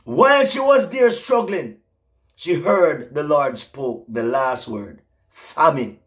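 A man's voice: fairly high pitch, expressive, takes it slowly. A middle-aged man preaching an emotional prophetic sermon, rising to fervent exclamations.

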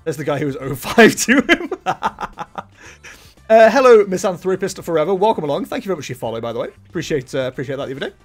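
A man's voice: a little high, very animated, fast talker. A man live-streaming a card game, chatting casually, joking about himself and laughing often. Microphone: desk microphone, webcam. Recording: music playing faintly behind.

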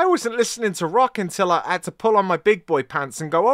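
A man's voice: high voice, a little fast, few pauses, dry recording, clean studio sound. A man reacting to a song, talking casually, ranting and swearing heavily. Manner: profane, ranting, animated. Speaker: music reaction host.

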